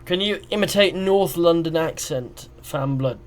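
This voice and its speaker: A man's voice: mid-range voice, normal speed. A young man streaming a game live, chatting casually and reading viewers' questions aloud before rambling through his answers. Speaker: gaming streamer.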